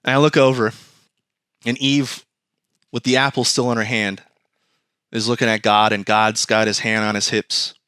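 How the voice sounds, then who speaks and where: Bright-voiced man telling a rambling comic story. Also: on the low side, flat delivery, moderate pace, long pauses, smooth, dry recording, clean studio sound. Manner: rambling, profane, self-mocking. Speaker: podcast host. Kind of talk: comedic storytelling.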